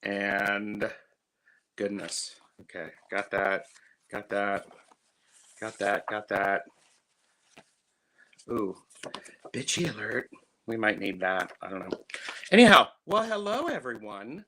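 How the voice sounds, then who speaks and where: A man's voice: fairly low pitch, expressive, slow, long pauses, sharp tone, a little hiss or hum. A man in his fifties hosting a casual livestream, chatting and greeting viewers by name. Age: 50s. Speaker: livestream host.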